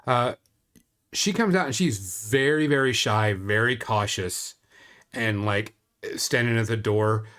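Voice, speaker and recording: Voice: mid-range voice, slow, a bit bright. A game master narrating a tabletop game, rambling with frequent fillers. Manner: rambling narration with many fillers, laughs often.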